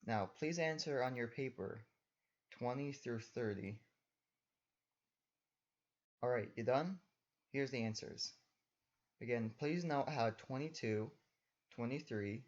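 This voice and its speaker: A young man talks through a lesson in a patient, step-by-step teacher's voice, pitched in the middle range. The recording is somewhat dull and lo-fi. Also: darkish tone.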